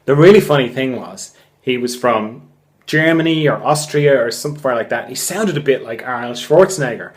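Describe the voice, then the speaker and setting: A man, a therapist hosting a podcast, telling a story in a relaxed monologue, laughing often and swearing casually. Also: medium pitch, moderate pace. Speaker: podcast host; craniosacral therapist.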